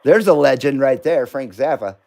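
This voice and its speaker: A man's voice: medium pitch, moderate pace, creaky, a little mellow. A middle-aged man hosting a live stream, chatting casually, joking and laughing often as he reads comments.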